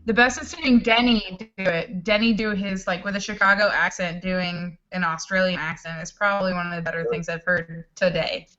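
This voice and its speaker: A woman's voice: lowish voice, steady tone, a bit bright, lo-fi sound. A woman co-hosting a podcast in a teasing, casual way. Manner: teasing, quick to laugh. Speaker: podcast co-host.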